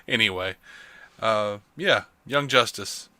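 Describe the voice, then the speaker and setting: A man hosting a podcast in casual chat, talkative and quick to laugh, on a desk microphone. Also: on the low side, pushed and bright, no room sound. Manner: chatty, laughs often. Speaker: podcast host. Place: home desk setup. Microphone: studio microphone.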